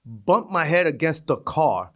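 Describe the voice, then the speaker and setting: Middle-aged new york guy telling stories, kinda high voice, acts out the voices. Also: a little slow. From East New York, Brooklyn. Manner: animated, acts out voices in his stories, swears. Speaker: podcast guest. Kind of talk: casual storytelling.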